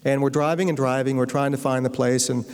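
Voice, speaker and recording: Here the American guest lecturer and novelist talks fast in a medium-pitched, darkish, clean voice with fairly even intonation. His comic lecture story is told as an anecdote with careful timing, recorded amid the long reverb of a university lecture hall.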